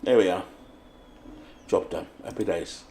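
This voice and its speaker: A man's voice: sits low, unhurried, vocal fry, mellow. A man with a British accent hosting a tabletop baseball game, chatting casually while setting up and reading out the lineups like a play-by-play announcer.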